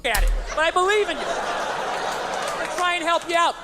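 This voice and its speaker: Ranting stand-up comedian over roaring crowd. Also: male voice, very high-pitched, expressive, fairly quick, music in the background. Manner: ranting, shouting punchlines. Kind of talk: stand-up routine. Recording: live show with loud audience laughter. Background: crowd laughing.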